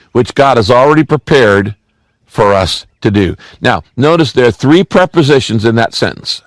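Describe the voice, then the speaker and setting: A man's voice: mid-range voice, animated, normal speed, dry recording. A male pastor giving a sermon, telling stories earnestly and repeating key lines for emphasis. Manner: earnest storytelling with emphatic repetition.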